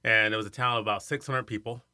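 A man in his fifties from Iowa, a singer telling stories about his career in an interview, animated and acting out the voices of others. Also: on the low side, fast, smooth, dry recording, studio quality. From Iowa, USA. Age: 50s. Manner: animated storyteller who acts out quoted voices. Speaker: guest, singer and arts center director. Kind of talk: storytelling in an interview.

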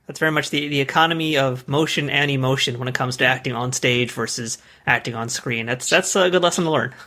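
A man's voice: medium pitch, brisk, bright, forceful tone. A man hosting an interview, asking questions eagerly and enthusiastically. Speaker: interview host. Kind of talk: casual interview.

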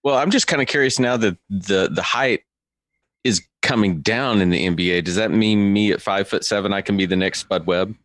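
A man's voice: on the low side, brisk, fairly bright tone, no room sound. A man hosting a casual podcast chat, wry and joking. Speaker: podcast host.

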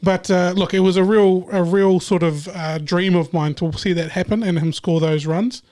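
A man's voice: sits high, steady tone, moderate pace, mellow. A man sharing a memory on a casual podcast, earnest and hesitant at the start of his sentences. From New Zealand. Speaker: podcast panelist. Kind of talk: casual chat.

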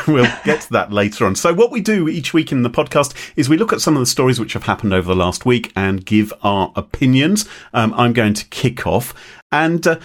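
A man's voice: mid-range voice, very animated, fairly quick. A man hosting a podcast in a playful, joking manner. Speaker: podcast host. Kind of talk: casual podcast chat.

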